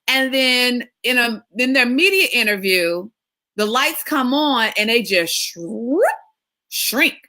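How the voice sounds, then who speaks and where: A woman media coach hosting a weekly tips video, talking in an excitable, emphatic coaching style. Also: a little high, slow. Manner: excitable, emphatic, lively delivery with laughs. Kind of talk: energetic coaching monologue.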